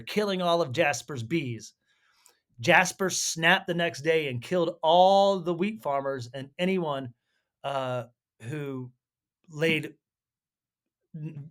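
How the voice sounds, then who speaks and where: A man co-hosting a podcast, casually recapping a film with halting speech and frequent fillers. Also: a little high, fairly bright tone. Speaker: podcast co-host. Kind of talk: casual movie recap chat.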